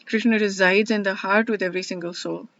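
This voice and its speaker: A woman hosting her own verse-by-verse study, talking earnestly and haltingly with many restarts as she reflects and explains. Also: medium pitch, fairly even intonation, fairly bright tone, no room sound. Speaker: host studying scripture one verse a day. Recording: dull lo-fi sound.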